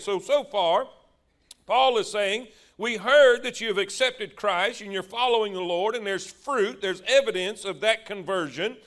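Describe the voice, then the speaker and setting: A high-pitched man preaching at a slow, deliberate pace. He stretches out words for emphasis and calls on the congregation to respond. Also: fairly bright tone. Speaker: pastor. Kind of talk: sermon.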